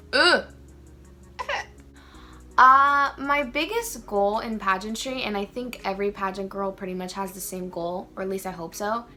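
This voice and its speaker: A young woman chatting casually as a beauty vlogger while doing her makeup, animated and playfully ranting. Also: medium pitch. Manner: chatty and animated, rants playfully with emphatic emphasis.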